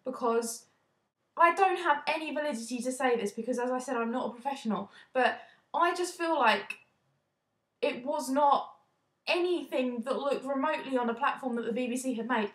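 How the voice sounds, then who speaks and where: A young woman from the UK giving a casual, indignant opinion vlog, talking quickly and often restarting her sentences. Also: sits high, a bit bright. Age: young adult. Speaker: vlogger. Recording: echoey room.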